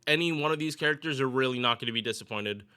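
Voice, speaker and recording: Casual male gaming streamer, bright and clear voice, loose rambling delivery. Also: medium pitch, very fast. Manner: rambling, restarts, chatty with viewers. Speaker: gaming YouTuber. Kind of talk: casual game commentary.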